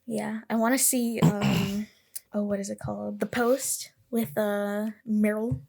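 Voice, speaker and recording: A woman's voice: mid-range voice, steady tone, takes it slowly, vocal fry, darkish tone, breathy edge. A young woman hosting a podcast in casual chat, rambling and correcting herself as she goes. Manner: chatty, rambling, self-correcting. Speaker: podcast host.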